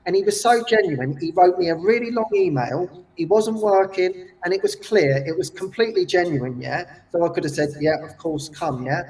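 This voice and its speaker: A man leading retreats, telling stories in an animated way, acting out the people he quotes and often tagging lines with "yeah?". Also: high voice, normal speed, few pauses. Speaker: retreat leader and guest. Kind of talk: casual storytelling. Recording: voice distant from the mic.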